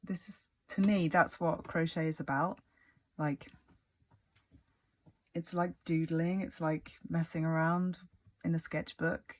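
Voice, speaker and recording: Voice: mid-range voice, fairly even intonation, slow, long pauses. A crochet tutor giving a casual, rambling tutorial, full of "like" fillers and asides muttered under the breath. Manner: rambling, chatty, many "like" fillers.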